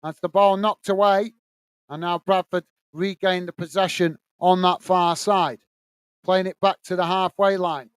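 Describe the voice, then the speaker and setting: High-voiced man doing fan commentary. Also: steady tone, unhurried, clear, resonant tone, no echo. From England. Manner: casual, reads viewer messages between play-by-play. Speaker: watch-along host. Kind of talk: live fan commentary and chat reading.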